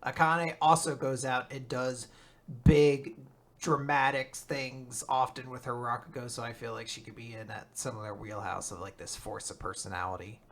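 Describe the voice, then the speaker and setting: Co-host, mid-range voice with a bright edge, easygoing and agreeable. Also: medium pitch, steady tone, moderate pace. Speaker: podcast co-host. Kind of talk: casual manga recap chat.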